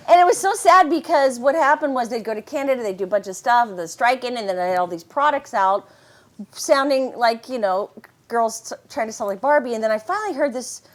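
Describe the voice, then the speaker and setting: Brief: middle-aged woman, animated storyteller, bright higher voice with lots of ups and downs. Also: brisk, slight background noise. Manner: animated, jumps into quoted voices and laughs often. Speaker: voice actress and interview guest. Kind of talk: casual storytelling anecdotes.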